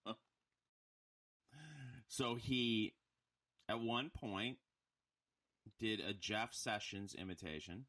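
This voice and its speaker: Bright-voiced man, halting podcast banter. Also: fairly low pitch. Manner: halting, with many fillers and chuckles. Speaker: podcast co-host. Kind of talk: casual political chat.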